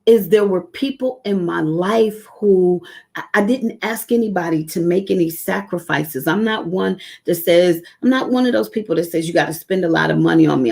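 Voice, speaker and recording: A woman's voice: fairly low pitch, gravelly, darkish tone. A woman giving an earnest, emotional devotional testimony to a live-stream audience, stretching out key words and coming close to tears. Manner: earnest, personal, drawn-out emphatic phrases. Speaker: devotional speaker.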